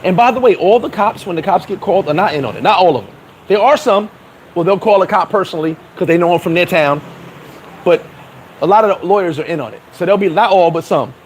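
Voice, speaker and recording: High-voiced, blunt New man. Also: quick pace, a little hiss or hum, low-quality recording. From New York. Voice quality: blunt, profane, streetwise. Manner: acts out dialogue in quoted voices. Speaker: vlogger. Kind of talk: casual advice monologue.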